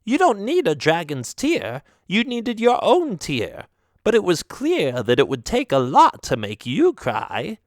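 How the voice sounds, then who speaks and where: A man narrating an audiobook voices a fussy female witch in a high, slow, teasing voice. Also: huge pitch swings, no echo, clean studio sound, full character voice. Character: fussy, knowing female witch brewing potions. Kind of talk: audiobook character voice.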